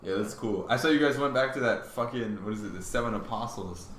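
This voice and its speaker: A man's voice: fairly low pitch, brisk, a bit bright. A man hosting a podcast in a casual, joking, laid-back way, swearing freely. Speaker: podcast host. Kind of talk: casual chat. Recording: roomy echo, faint noise.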